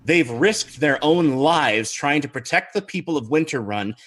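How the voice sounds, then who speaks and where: A man playing a cautious, formal town guard captain who speaks in halting, deliberate sentences during a tabletop game. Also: on the high side, animated, fairly bright tone. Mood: stern.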